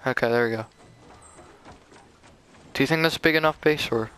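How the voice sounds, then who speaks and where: Smooth-voiced young man chatting mid-game. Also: medium pitch, moderate pace. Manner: excitable, says "dude" and "bro" a lot. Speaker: gamer. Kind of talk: casual gameplay chat with a teammate.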